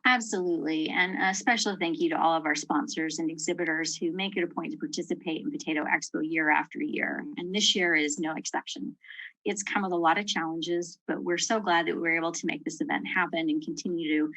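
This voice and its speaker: A woman speaks as the president of an industry council, sharing event plans in a friendly, enthusiastic way. Her voice sits somewhat low for a woman. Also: fairly even intonation, a little fast, fairly bright tone. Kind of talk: scripted event announcements.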